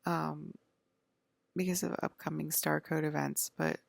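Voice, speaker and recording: A woman's voice: low-pitched, little pitch movement, unhurried, creaky, dry recording. A woman vlogger in a rambling, profane, indignant monologue.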